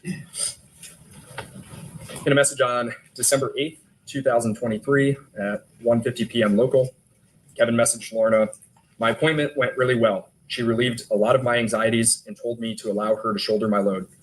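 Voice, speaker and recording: A man's voice: mid-range voice, fairly even intonation, normal speed, low-quality recording. A male detective testifying in court, steadily reading text messages aloud. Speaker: detective witness.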